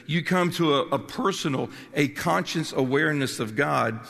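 Brief: older man, passionate pulpit preacher, gravelly voice, long hall reverb. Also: fairly high pitch, lively intonation, moderate pace, a bit bright. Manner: passionate, emphatic preaching with restarts. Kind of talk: sermon.

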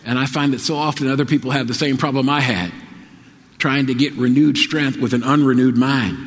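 Pastor, male, mid-pitched, earnest repetitive preaching, long hall reverb. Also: fairly quick. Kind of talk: sermon.

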